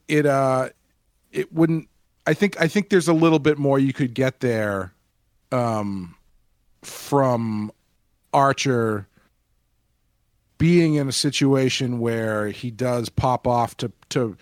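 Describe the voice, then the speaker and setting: A man co-hosting a casual podcast discussion, talking in a hesitant way with many pauses and restarts. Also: mid-range voice, no echo, studio quality. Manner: hesitant, full of fillers and restarts. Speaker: podcast co-host.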